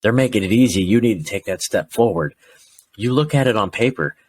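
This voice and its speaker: A man's voice: fairly low pitch, brisk, breathy edge. A man co-hosting a sports podcast, chatting casually and animatedly about football, often acting out fans' rants. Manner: animated, acts out fans' rants in quoted voices. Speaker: podcast co-host.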